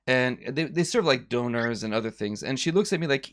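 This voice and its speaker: Male game master, animated and chatty, wide-ranging pitch. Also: fast. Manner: animated storyteller, lively pitch swings. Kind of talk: running a tabletop game, casual chat.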